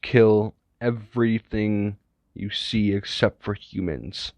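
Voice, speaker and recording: A man playing a calm, laid-back young male schemer with a flat, low-key delivery. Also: takes it slowly, dry recording. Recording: dull, lo-fi, dry recording.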